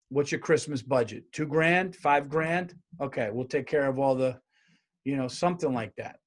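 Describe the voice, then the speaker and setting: A man hosting his own podcast, riffing in a loose comedic monologue full of fillers and restarts, with a New York accent. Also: medium pitch.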